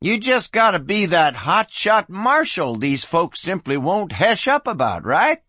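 A man's voice: on the high side, very animated, measured pace, a bit bright, breathy edge, no room sound, heavily acted. A man voicing a cocky, mocking young gunslinger in a western audiobook, with a brash, taunting drawl.

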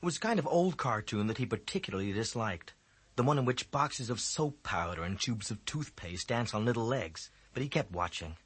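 Husky man reading a storybook. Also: mid-range voice, a little fast, no echo. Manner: lively, expressive reading. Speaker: narrator. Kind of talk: audiobook narration.

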